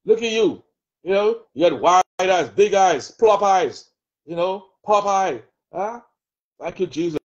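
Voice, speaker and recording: A man with a Bahamian accent preaching a sermon, taunting in rapid repeated jabs as he voices the enemy's lies. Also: sits high, lively intonation, lo-fi sound. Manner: taunting, mocking the devil's voice in rapid repetitive jabs. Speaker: prophet preaching.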